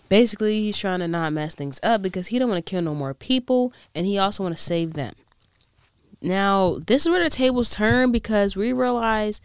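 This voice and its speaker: A young woman vlogger chatting casually about TV shows in a put-on British accent, slangy and animated, with whispered asides. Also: mid-range voice, clear, resonant tone, dry recording, studio quality. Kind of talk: casual chat recapping TV shows.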